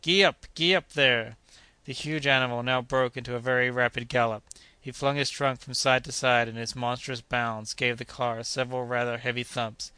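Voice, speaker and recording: Bright, crisp male audiobook narrator. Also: normal speed, no echo. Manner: steady reading, characters' shouts voiced a bit higher and louder. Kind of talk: scripted narration.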